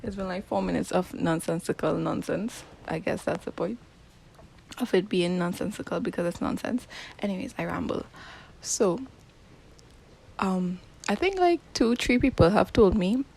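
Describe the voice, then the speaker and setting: Young woman rambling on her phone-mic podcast, bit of gravel in her voice, keeps whispering little side comments. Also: on the low side, expressive, normal speed, a little mellow. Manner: chatty, self-deprecating, drops into whispers for asides. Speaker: podcast host. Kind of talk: casual rambling monologue. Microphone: phone in a sock.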